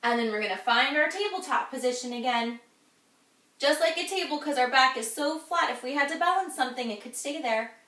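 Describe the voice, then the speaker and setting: A woman's voice: high-pitched, animated, fairly quick, bright, forceful tone. A woman guiding a children's yoga class, cheerful and encouraging as she talks the kids through each pose. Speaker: kids' yoga instructor. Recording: echoey room, voice from a distance.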